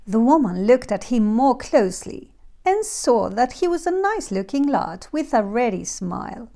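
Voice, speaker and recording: A woman reading a fairy tale aloud slowly and clearly for learners of English. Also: a little high, very animated, warm tone. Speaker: storyteller. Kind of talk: storybook narration for English learners.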